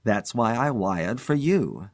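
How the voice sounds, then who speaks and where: A man voicing an excitable elderly spinster aunt. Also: medium pitch, a little slow, dry recording, clean studio sound, lightly acted. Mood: earnest.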